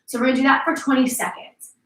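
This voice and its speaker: A woman's voice: high-pitched, fairly even intonation, fast, a bit bright. A woman fitness instructor coaching a workout class, upbeat and encouraging as she cues each move, at times out of breath. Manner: upbeat, encouraging, cueing moves. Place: home workout space, indoors. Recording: roomy echo, mic at a distance.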